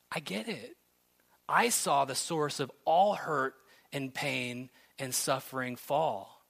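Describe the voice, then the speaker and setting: A young adult man preaching a sermon, reading scripture and then talking through it in a conversational, earnest way that builds to excitement. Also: mid-range voice, gravelly. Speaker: pastor.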